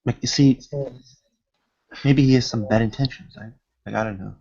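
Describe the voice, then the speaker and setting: A man's voice: mid-range voice, normal speed, vocal fry, mellow, breathy edge. Man, tabletop player, casual, unsure, lo-fi. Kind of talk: casual game chat. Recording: dull lo-fi recording.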